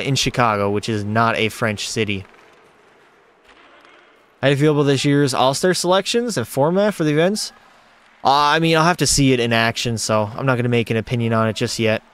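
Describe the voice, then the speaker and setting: This gaming streamer's medium-pitched voice is clear and resonant as he calls the action in a hockey video game. He's excitable, chats with his viewers, and faint background music can be heard.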